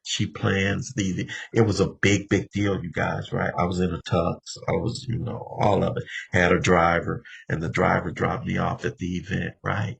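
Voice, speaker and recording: Seventy-year-old man, deep raspy voice, telling his recovery story to a meeting. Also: little pitch movement, moderate pace, hardly any pauses, fairly bright tone. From Los Angeles. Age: 70s. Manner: conversational storytelling, often addressing the room directly. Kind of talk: personal recovery share.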